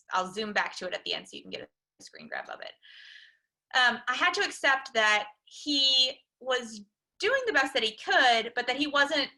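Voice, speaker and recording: A woman leads a conversational counseling webinar, apparently an online talk over shared slides, explaining ideas through everyday personal examples. Her voice is crisp, bright and slightly high, and she pauses often with "um" while thinking. The recording is rough.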